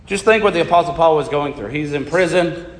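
A man's voice: a little high, fairly quick. Man preaching in a reverberant church. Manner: steady preaching, reading scripture aloud and explaining it. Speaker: pastor. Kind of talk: sermon.

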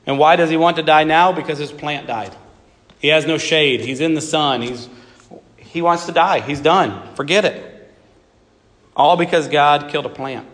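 A man's voice: a little high, normal speed, a bit bright. Man preaching in a reverberant hall. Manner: reads scripture aloud and voices Jonah's complaints in plain speech; emphatic lists of short phrases. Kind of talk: sermon. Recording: long reverb of a large hall.

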